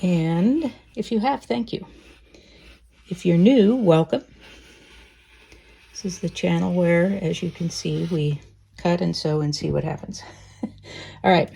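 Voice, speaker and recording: A woman teaching quilting in a relaxed, chatty way, thinking aloud as she sews. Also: lowish voice, slow pace, vocal fry, long pauses, slightly rough. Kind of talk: casual sewing tutorial.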